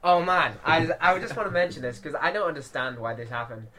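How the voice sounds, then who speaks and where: A man's voice: fairly high pitch, lively intonation, a little fast, crowd noise. A man hosting a film podcast, talking in a casual review chat, ranting and often laughing.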